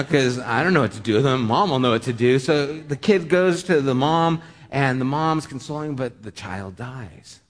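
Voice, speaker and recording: A man preaching a sermon, telling a story with lively shifts, often dropping to a hushed voice. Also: medium pitch. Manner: animated storytelling, dropping to a hush. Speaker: pastor. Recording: long hall reverb.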